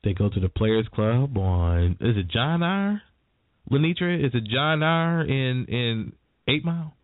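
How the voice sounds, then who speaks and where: Lively man hosting radio. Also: mid-range voice, unhurried, no room sound. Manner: animated, chatty, laughs while telling stories. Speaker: morning radio host. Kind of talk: casual radio talk and storytelling. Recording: dry, tinny phone-like sound.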